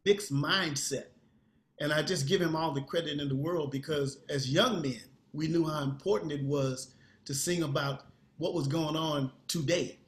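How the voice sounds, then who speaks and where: A man's voice: a little high, normal speed, reverberant. An older man, a singer, speaking earnestly and emphatically in an interview. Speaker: guest singer. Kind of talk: interview conversation.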